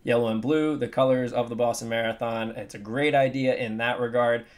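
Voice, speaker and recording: A young man giving casual, opinionated sports commentary, animated with emphatic swings in his delivery. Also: medium pitch, fairly quick.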